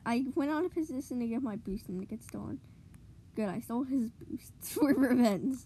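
A woman giving excitable live commentary on her own gameplay, cheering goals and groaning at misplays. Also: a little high, moderate pace, breathy edge. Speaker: gamer streamer.

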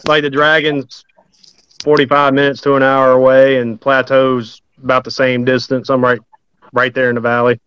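A guest from Tennessee, talking in an easygoing, laid-back way. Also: male voice, mid-range voice, flat delivery, normal speed, fairly bright tone, clean tone, dry recording. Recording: dull lo-fi call audio.

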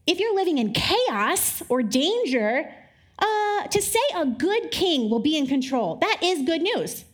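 A woman giving a conversational sermon to a live audience, wry and joking, with quick asides. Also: high voice, very animated. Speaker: speaker. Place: live talk before an audience.

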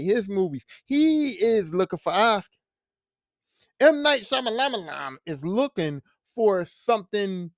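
A man's voice: sits high, dry recording, clean studio sound. A man hosting a podcast, giving a casual, profane, emphatic movie rant. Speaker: podcast host. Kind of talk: casual ranting review.

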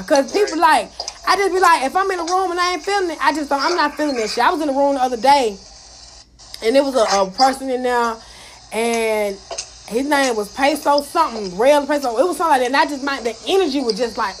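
High-voiced, blunt woman ranting. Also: fast, a little hiss or hum. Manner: blunt, heated, animated, heavy cursing, acts out quotes. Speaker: speaker in a live audio chat room. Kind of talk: casual profane rant and storytelling.

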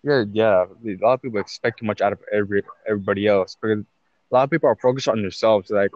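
A man's voice: fairly low pitch, fast talker, no echo, muffled recording. A young man co-hosting a casual podcast, talking in slangy, profane banter and calling his friend "fool" and "bro". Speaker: podcast co-host. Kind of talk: casual chat.

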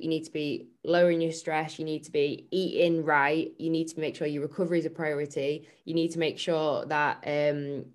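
A woman co-hosting a casual fitness chat, telling stories and laughing often. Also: low voice. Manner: chatty storytelling, laughs often. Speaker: podcast co-host and fitness coach.

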